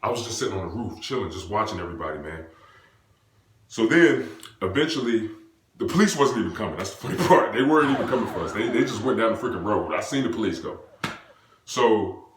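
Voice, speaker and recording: An excitable young man from the United States tells a wild personal story, his voice leaping up and down as he acts out every scene. He talks loose and slangy with bursts of sound effects, and the room around him rings with a noticeable echo. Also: on the low side, fast, slight background noise. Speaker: vlogger telling a personal story. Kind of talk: animated storytime monologue. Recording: roomy echo.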